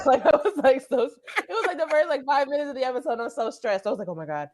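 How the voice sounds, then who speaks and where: A woman co-hosting a podcast, telling an animated story packed with "like" as a filler. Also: sits high, rapid-fire. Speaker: podcast co-host. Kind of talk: casual podcast chat.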